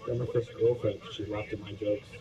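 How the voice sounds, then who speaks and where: A man's voice: fairly low pitch, level tone, fairly quick, lo-fi sound, crowd noise. A young man co-hosting a radio show, chatting playfully with the host. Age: young adult. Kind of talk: casual banter.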